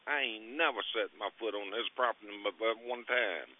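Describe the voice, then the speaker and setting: A man's voice: on the low side, fairly quick. An older man calling in by phone, rambling through a coarse, heated grievance. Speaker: caller. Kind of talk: phone-in storytelling. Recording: tinny phone line.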